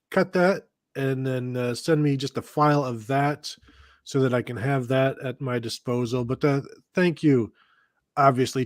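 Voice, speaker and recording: A man's voice: mid-range voice, dry recording, clean studio sound. A man co-hosting a sports podcast, talking casually with loose, rambling sentences. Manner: loose, rambling delivery with fillers. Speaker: podcast co-host.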